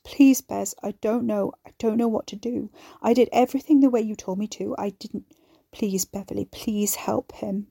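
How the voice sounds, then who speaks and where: A woman's voice: mid-range voice, slow pace, warm tone, husky, no room sound, clean studio sound. A woman voicing a distraught grown man who breaks off, gasps and pleads. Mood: pleading. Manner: broken, gasping, pleading.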